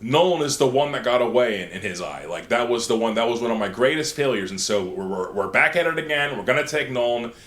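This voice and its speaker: A man hosts a casual podcast, recounting stories with lively energy and jumping into short character bits. His voice sits at a middle pitch. The recording carries a roomy echo. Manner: animated storytelling, acting out characters in quick asides. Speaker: podcast host. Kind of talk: casual lore discussion podcast.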